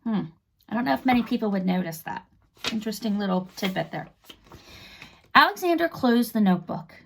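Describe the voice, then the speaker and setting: A woman's voice: mid-range voice, expressive, brisk, vocal fry, slight background noise. A middle-aged woman reading a children's book aloud, chatting about the pictures and explaining the story as she goes. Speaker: read-aloud narrator for children.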